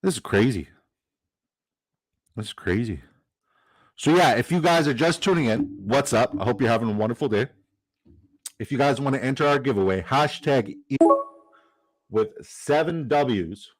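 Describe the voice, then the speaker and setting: A man's voice: medium pitch, no room sound, poor audio. A man hosting a fantasy football livestream, chatting casually, joking and reading out the chat. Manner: upbeat, jokey, reads chat aloud.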